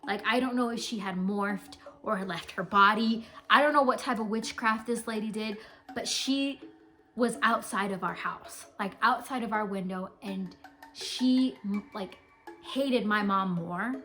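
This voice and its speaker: A young woman co-host tells a spooky story in a loose, rambling way, leaning on fillers. Her voice is bright and forceful, with faint music playing underneath. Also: medium pitch, unhurried. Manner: rambling, filler-heavy, animated.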